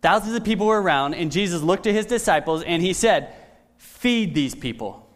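Brief: a male pastor with a fairly high voice, preaching conversationally. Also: fast talker. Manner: conversational, asks "right?" often. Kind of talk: sermon.

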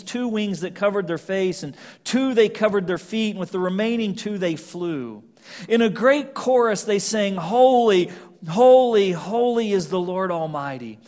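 A man preaching a sermon, swinging from loud emphatic scripture reading to hushed, almost whispered lines. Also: high voice. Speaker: pastor.

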